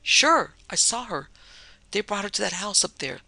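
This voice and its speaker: A frightened young woman tumbles out her words, rough and breathless, as a male reader puts her on. The voice sits raised and gravelly, with a hard, bright edge. The recording is close and completely dry. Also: high voice, big pitch swings, moderate pace, dry recording, voice pushed up, exaggerated voice. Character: frightened young woman, sobbing and plain-spoken.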